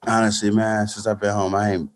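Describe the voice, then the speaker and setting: A man's voice: on the low side, flat delivery, fairly quick. Man recounting a boxing knockout. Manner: many restarts, storytelling, fillers like "you know what I'm saying". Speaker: guest boxer. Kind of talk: casual interview talk.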